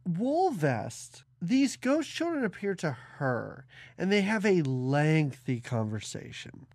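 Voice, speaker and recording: A man co-hosting a podcast, chatting casually about a film with animated, sarcastic asides and frequent laughter. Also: fairly high pitch, takes it slowly, gravelly, no echo, studio quality. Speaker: podcast co-host. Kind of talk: casual movie-review chat.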